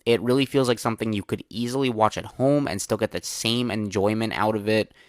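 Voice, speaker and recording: A man's voice: lowish voice, fairly even intonation, fairly quick, dry recording, studio quality. A young man hosting a solo movie review podcast, chatting casually with lots of filler words and candid opinions.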